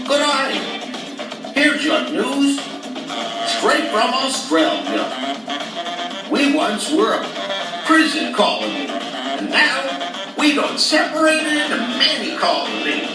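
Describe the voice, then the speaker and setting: A man playing a crude, brash comic newsreader who throws out slang with exaggerated gusto. The voice sits very high and swings widely in pitch, with a slow, drawn-out pace. It sounds distant and echoey, under loud music. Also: exaggerated voice. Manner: exaggerated slang-heavy delivery.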